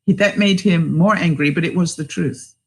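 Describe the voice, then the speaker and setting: A woman's voice: lowish voice, moderate pace, rough recording. A woman vlogger in a casual livestream chat, telling a story to her viewers, laughing often and asking them for their thoughts. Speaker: vlogger answering live viewers.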